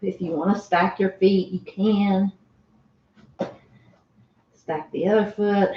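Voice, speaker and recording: A woman's voice: medium pitch, fairly even intonation, takes it slowly. A woman leading a home workout class, chatty and encouraging, out of breath. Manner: encouraging, chatty, laughs often. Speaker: fitness instructor. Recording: roomy, distant, dull home recording.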